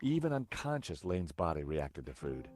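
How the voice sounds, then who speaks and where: A wry game hero narrating. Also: male voice, low-pitched, big pitch swings, normal speed, darkish tone, soft background music. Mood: dry. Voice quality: dry, wry. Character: wry male hero narrating his adventure.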